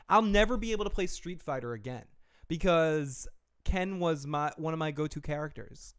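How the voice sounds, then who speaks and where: A man's voice: fairly high pitch, smooth, dry recording, clean studio sound. A man hosting a casual TV episode review, joking and profane, with frequent asides. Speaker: show host.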